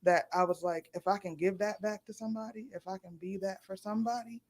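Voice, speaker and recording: A middle-aged woman from Niagara Falls, New York, a radio show guest who tells a personal story in an animated way, acting out other people's voices and laughing as she talks. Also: medium pitch, quick pace. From Niagara Falls, New York, USA. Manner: animated, acts out quoted voices, laughs while telling.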